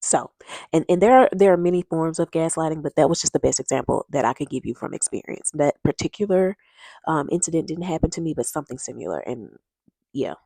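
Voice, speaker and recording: A woman's voice: low voice, animated, fairly quick, mellow, no room sound. A woman talking straight to her viewers in a chatty, emphatic way, urging them to act and telling stories along the way. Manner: chatty storytelling, addresses viewers as y'all. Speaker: vlogger. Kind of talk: casual advice talk to camera.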